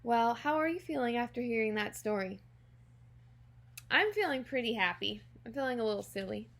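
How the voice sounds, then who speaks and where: A woman teacher reading a children's picture book aloud, gently and expressively, talking directly to young listeners. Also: on the high side, lively intonation, moderate pace, gravelly. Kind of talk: children's storybook read-aloud.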